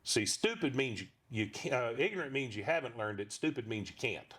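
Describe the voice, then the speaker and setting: Man, fifties, ventriloquist guest, middle pitch, rambling, joking, casual. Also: expressive, a little fast, a bit bright, breathy edge. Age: 50s. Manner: rambling storyteller, frequent restarts, joking. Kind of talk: casual interview talk.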